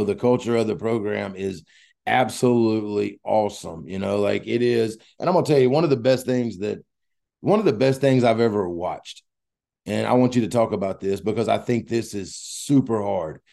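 A man hosts a casual coaching podcast with a mellow, dark tone. His voice carries a gravelly edge. He talks in an eager, loosely rambling way. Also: on the low side. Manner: enthusiastic, rambling.

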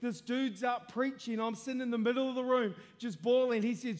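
A man preaching with a strikingly high voice for a man. He tells his testimony with earnest feeling and rises to impassioned, shouted declarations. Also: steady tone, brisk, hardly any pauses. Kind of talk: testimony sermon.

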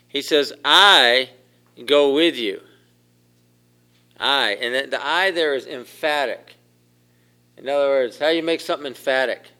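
Male pastor, bright tone, chatty sermon style with questions to the room. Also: on the high side. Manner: conversational, asks the congregation questions and laughs.

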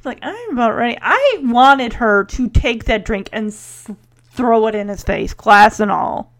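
A chatty woman with a slightly high voice recaps a TV episode in casual commentary. She talks with open enthusiasm, often says "like" and jumps into quick acted snippets of the characters' lines. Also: expressive. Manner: chatty, enthusiastic, heavy use of "like".

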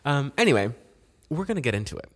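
A man's voice: medium pitch, sing-song, quick pace, fairly bright tone. A young man co-hosting a casual podcast, talking in a rambling, jokey way with lots of fillers. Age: young adult. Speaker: podcast co-host. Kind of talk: casual chat.

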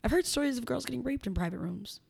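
A woman's voice: a little high, animated, fast talker, creaky, a little mellow, husky. A young adult woman speaking as a podcast guest, talking frankly and bluntly and laughing often. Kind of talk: candid conversational interview.

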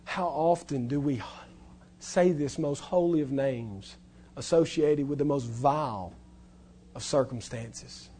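A male pastor preaching a sermon, stressing key words loudly and then dropping to hushed, low lines. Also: slow, a little hiss or hum.

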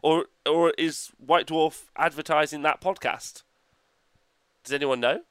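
A man's voice: fairly high pitch, fairly even intonation, unhurried, a bit bright, clean tone, dry recording. A man co-hosting a podcast in casual chat, enthusiastic and rambling, laughing often and swearing casually. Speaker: podcast co-host.

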